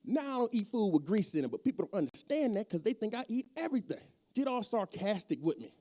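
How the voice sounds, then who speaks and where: High-voiced, lively male stand-up comic. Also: quick pace, few pauses. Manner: conversational, self-deprecating, squeaks up for quoted voices. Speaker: stand-up comedian. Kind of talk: stand-up comedy.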